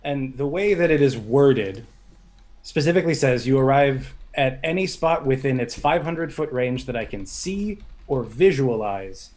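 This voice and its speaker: A man's voice: medium pitch, lively intonation, a little slow, darkish tone, low-quality recording. A man playing a tabletop game, hesitant and thinking aloud as he asks about rules. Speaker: player.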